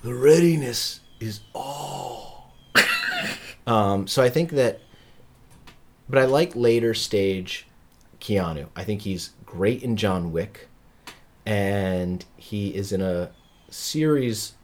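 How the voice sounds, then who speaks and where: A man with a low, deep voice talks through movies in a loose, rambling way. He sounds like a podcast co-host who makes offhand jokes as he goes. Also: slow, long pauses, darkish tone. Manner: rambling, jokey film chatter. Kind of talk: casual chat.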